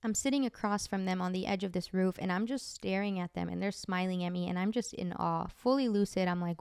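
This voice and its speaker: A woman's voice: fairly low pitch, fairly quick, vocal fry, few pauses, darkish tone, clear, resonant tone, no room sound, clean studio sound. A woman podcast host chattily telling dream stories, full of "like" fillers. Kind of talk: casual storytelling.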